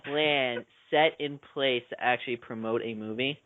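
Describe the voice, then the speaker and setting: A man's voice: medium pitch, normal speed. A man trading sarcastic, mocking jabs in a casual movie discussion. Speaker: podcast panelist. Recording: dry, tinny phone-like sound.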